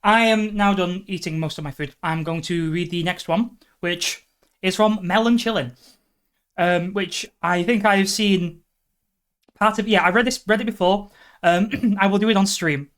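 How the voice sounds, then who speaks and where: A woman's voice: mid-range voice, moderate pace. A woman streamer from Britain, rambling and poking fun at herself while chatting and reading aloud on a live stream. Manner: self-deprecating, rambling, laughs often.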